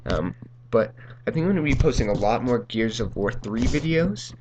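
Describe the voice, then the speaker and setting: A man's voice: mid-range voice, animated, moderate pace, noisy background. A young man hosting a gaming channel, telling a casual story over gameplay in a rambling way, full of ums and uhs and laughing through lines.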